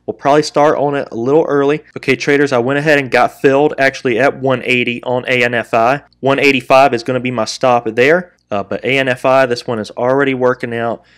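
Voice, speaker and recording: A man in the middle of live day trading commentary, speaking in a voice of ordinary pitch and talking straight to his viewers. He keeps calling them traders and guys, walks through his trades as he makes them, and is quick to scold himself out loud when he misses his own plan. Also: fairly even intonation, smooth. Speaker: day trader and channel host.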